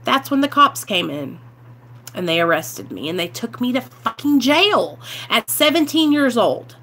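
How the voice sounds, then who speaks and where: A woman, candidly telling her life story to the camera, animated and swearing freely, acting out what people said. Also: on the high side, measured pace, slight background noise. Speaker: vlogger sharing recovery story.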